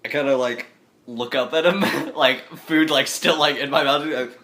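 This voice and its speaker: A man's voice: medium pitch, fairly even intonation, normal speed, bright, forceful tone, slight background noise. A man playing a tabletop game in casual chat, joking, swearing and laughing often. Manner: laughs a lot, swears, jokey. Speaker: player.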